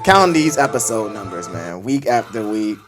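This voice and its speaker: A man's voice: lowish voice, sing-song, normal speed, over music. A man co-hosting a podcast, leading the segments in a laid-back, casual way. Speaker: podcast co-host.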